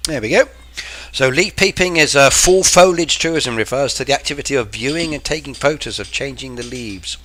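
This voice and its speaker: A man's voice: medium pitch, a little fast, sharp tone. An English man streaming a game and chatting casually, explaining slang to his viewers like the teacher he is. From England. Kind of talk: casual live-stream chat.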